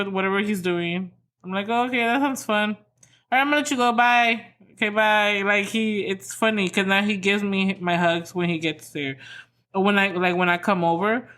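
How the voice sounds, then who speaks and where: A woman's voice: on the low side, fairly bright tone. A woman in her thirties hosting a podcast, chatting casually about her kids and family, rambling with lots of fillers and acting out quotes. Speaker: podcast host. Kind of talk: casual storytelling monologue.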